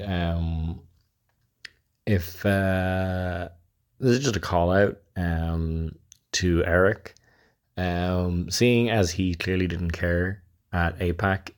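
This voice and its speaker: A man leaving a recorded voice message, cocky and swearing, with lots of hesitant ums. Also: low voice. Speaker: caller.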